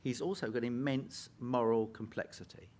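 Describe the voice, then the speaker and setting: A man interviewing an actor and prompting him with lively questions. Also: medium pitch, normal speed.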